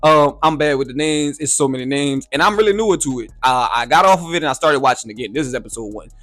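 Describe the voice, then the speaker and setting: A man's voice: mid-range voice, fast, fairly bright tone. A man giving a casual, slang-filled anime reaction and review, often asking "you feel me".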